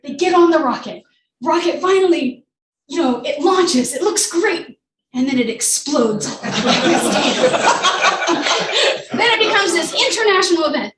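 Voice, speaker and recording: Woman, guest speaker, lively storyteller, high voice, echoey distant recording, faint ambience. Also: a little slow, a little hiss or hum. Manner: animated, acts out the people in her stories. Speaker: guest speaker at a radio club meeting. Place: meeting room.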